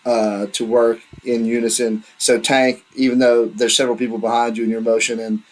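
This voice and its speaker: A man's voice: mid-range voice, little pitch movement, moderate pace, a little mellow, poor audio. A man running a tabletop game as dungeon master, describing scenes at an easy pace with plenty of fillers. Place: home table with friends.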